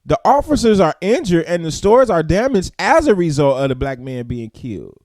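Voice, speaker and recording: Male morning host, fired-up preacher cadence, lively pitch swings, fairly high voice, close and dry. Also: normal speed, dry recording. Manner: preacherly, emphatic, rising to loud peaks then dropping low. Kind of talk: impassioned commentary and news reading.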